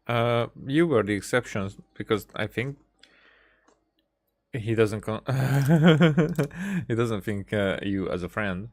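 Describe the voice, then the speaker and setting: A man's voice: medium pitch, animated, slow, pauses often, a little mellow. A man commentating casually over a video game, chatty and rambling. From Hungary. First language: Hungarian. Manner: chatty, rambling with fillers and restarts. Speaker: let's-play gamer.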